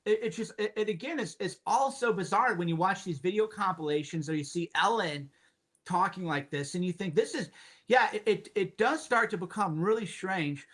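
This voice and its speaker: A man's voice: high voice, normal speed, fairly bright tone. A man as a podcast guest, talking emphatically in casual chat, repeating points with sardonic asides.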